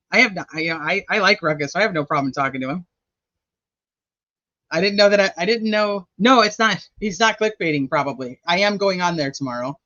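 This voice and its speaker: A man who hosts a true crime channel talks through his notes in a chatty, rambling livestream manner, thinking aloud as he checks them. His voice is high-pitched and sharp, recorded lo-fi with no room sound.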